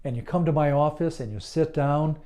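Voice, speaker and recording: A hypnotist man talks to the listener in a calm, deliberate monologue that soothes and reassures. His voice sits a little high for a man yet sounds mellow and warm, never sharp. He leaves long pauses between phrases. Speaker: certified hypnotist. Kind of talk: slow, earnest promotional monologue.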